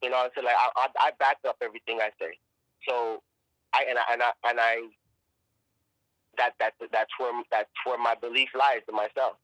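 A man's voice: mid-range voice, flat delivery, normal speed, fairly bright tone, dry recording, poor audio. A man, an actor guest on a podcast, telling a personal story in a casual, emphatic way, swearing freely and often repeating and restarting words.

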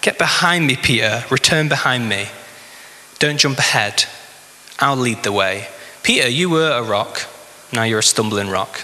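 A man voicing a calm, firm teacher who gives measured commands to his follower. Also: medium pitch. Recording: long hall reverb.

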